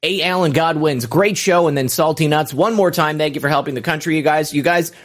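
Brisk man host reading viewer messages. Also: a little high. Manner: brisk, reads out names with fillers. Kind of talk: live-stream chat, reading viewer messages.

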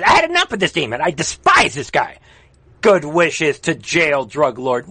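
A high-voiced man delivers a heated political livestream rant, hammering the same calls to his viewers over and over. His voice jumps between shouted urgency and quieter asides as he reads chat comments. The sound is close and dry, with no room in it. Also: big pitch swings, a little fast, breathy edge, dry recording. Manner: fiery, repetitive exhortations, swings from shouting to quiet.

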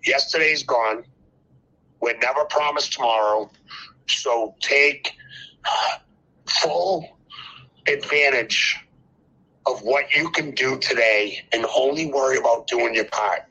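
A man's voice: mid-range voice, sharp tone, husky. An older man calling in to a talk show, speaking fervently and preaching, repeating phrases for emphasis, over a muffled lo-fi line. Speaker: caller. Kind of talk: impassioned call-in speech.

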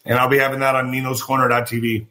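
A man hosting his own political commentary vlog, talking in an animated, profane way and gesturing with his hands as he goes. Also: medium pitch, fast talker. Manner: former boxer. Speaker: show host.

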